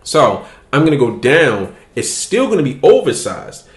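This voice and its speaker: A man's voice: mid-range voice, very animated, moderate pace, reverberant. A man hosting a podcast, telling a story in casual, profane chat and laughing as he goes. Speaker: podcast host.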